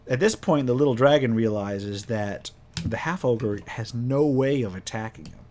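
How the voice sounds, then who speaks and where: A man's voice: on the low side, brisk, a little mellow. A man recounting a tabletop game he ran as game master, rambling with many restarts. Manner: rambling, self-correcting, lots of restarts. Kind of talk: casual storytelling about a tabletop game.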